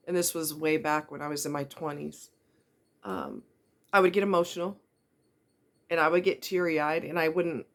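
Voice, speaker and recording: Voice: mid-range voice, a bit bright. A middle-aged person speaking candidly to camera in an earnest, blunt way, with pointed rhetorical questions.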